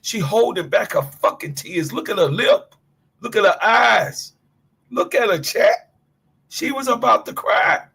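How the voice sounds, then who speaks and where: Husky-voiced man ranting fiercely about sports. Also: high-pitched, expressive, a little slow, sharp tone. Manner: fiery, profane, preachy, talks straight to chat. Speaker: livestream sports commentator. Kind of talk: heated sports rant on a livestream.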